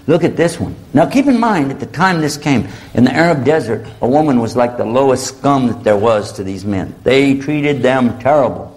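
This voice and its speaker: A man delivers an Islamic lecture to a live audience in a hall, humorous and animated, leading the crowd in call-and-response. His voice is medium-pitched, at normal speed with few pauses.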